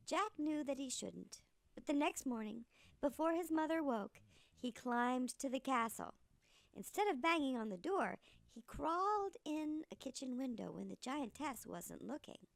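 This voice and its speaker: An older woman reads a children's story slowly, and her voice rises and falls with lots of life. Her voice is a little high and gravelly. The recording is close and dry. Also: dry recording. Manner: animated, slow storytelling with voiced quotes.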